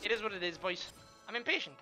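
A man streaming a game with casual, profane commentary, trash-talking and shouting during fights. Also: high-pitched, animated, faint music behind. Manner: brash, profane, quick to trash-talk. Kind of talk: live gameplay commentary.

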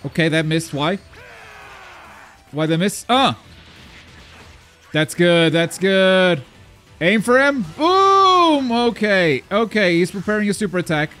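A man commentating his own online game as he plays, talking to himself, muttering asides and then yelping loudly when things go wrong. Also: high-pitched, measured pace, long pauses, soft background music. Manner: excitable, swings from mumbled asides to loud yelps. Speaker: gaming YouTuber. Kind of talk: live gameplay commentary.

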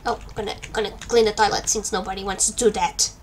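Woman, gaming commentary, gravelly fry, slight hiss behind. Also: mid-range voice, fairly even intonation, quick pace. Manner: chatty, talks to herself while playing. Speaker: gaming streamer. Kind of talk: casual let's-play commentary. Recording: faint background noise.

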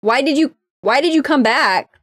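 A woman voicing a gentle young sea-witch girl who speaks earnestly and pleads. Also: sits high, expressive, moderate pace, dry recording, clean studio sound, pitched above the performer's own voice.

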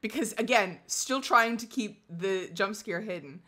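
A woman co-hosting a casual chat, telling an animated story with frequent laughter and sarcastic asides. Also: medium pitch, unhurried. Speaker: podcast co-host.

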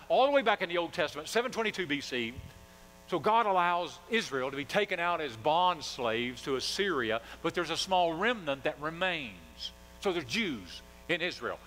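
A man's voice: mid-range voice, bright, forceful tone, slight background noise, rough recording. A male pastor preaching a sermon, emphatic, asking the congregation call-and-response questions.

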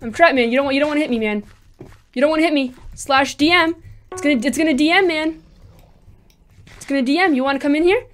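A woman with a high voice narrates her gameplay live. She is excitable, chattering to herself and taunting the other players as she goes. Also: fairly quick, pauses often. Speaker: gaming channel host.

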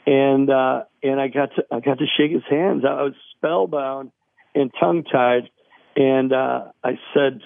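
A man's voice: mid-range voice, steady tone, measured pace, vocal fry, no room sound. A man in his sixties, a guest musician, telling rambling anecdotes with many fillers and restarts over the phone. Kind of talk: casual phone interview storytelling. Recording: tinny phone line.

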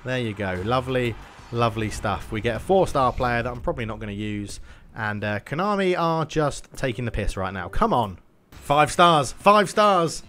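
Excitable man commentating his own game. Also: mid-range voice, a little fast. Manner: excitable play-by-play, bursts of loud cheering. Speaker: gaming YouTuber. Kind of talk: self-commentary on a football video game.

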